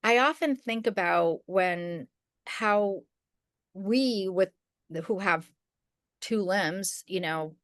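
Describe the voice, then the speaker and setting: A middle-aged woman telling a story on a podcast, casual and rambling, with many restarts and fillers. Her voice is smooth and clear, recorded close and dry. She slips into the voices of the people she quotes. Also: medium pitch, slow pace, long pauses, a bit bright, dry recording. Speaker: podcast co-host.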